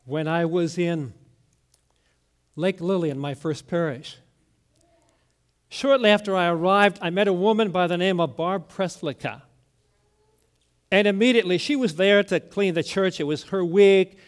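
A middle-aged man preaching a sermon as pastor, telling stories and dropping to a near hush on the words that matter. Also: high-pitched, measured pace, pauses often. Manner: storytelling preacher, drops to a hushed voice on key words.

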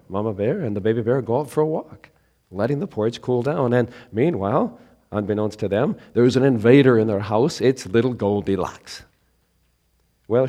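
Male pastor, hoarse, slight laryngitis, warm mellow tone, conversational storytelling sermon. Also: mid-range voice. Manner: storytelling, conversational, rising emphasis on key points. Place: church during an evening service.

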